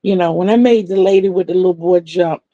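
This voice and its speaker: A middle-aged woman, telling animated stories on her crochet livestream, laughing often and acting out the voices of the people she quotes. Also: on the low side, fast, dry recording, muffled recording. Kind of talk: casual storytelling chat.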